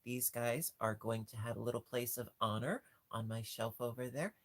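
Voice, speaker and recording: A man hosting a casual livestream chat, gushing and jumping into a squeaky high pitch over cute things, rambling with frequent restarts. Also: fairly even intonation, moderate pace, fairly bright tone, dry recording. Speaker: livestream host.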